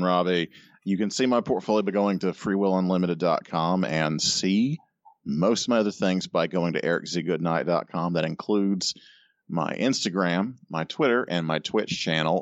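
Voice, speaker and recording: Deep-voiced, sardonic podcast co-host man. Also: dry recording, dull audio. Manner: profane, sardonic, exasperated griping. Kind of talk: casual chat.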